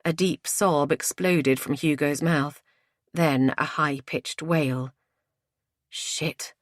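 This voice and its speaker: Low-voiced woman narrating an audiobook. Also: takes it slowly, no room sound, clean studio sound. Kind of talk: scripted narration.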